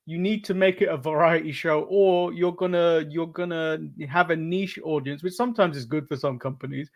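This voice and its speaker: A man's voice: fairly high pitch, steady tone, moderate pace. An English man co-hosting a wrestling podcast, chatting casually, laughing often and restarting his sentences. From England. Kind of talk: casual chat.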